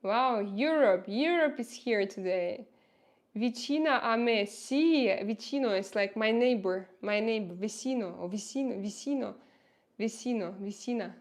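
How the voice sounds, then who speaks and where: A woman's voice: a little high, measured pace. A woman with a Russian accent hosting a casual livestream, chatting, reading viewer comments aloud and answering them, often laughing. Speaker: livestream host.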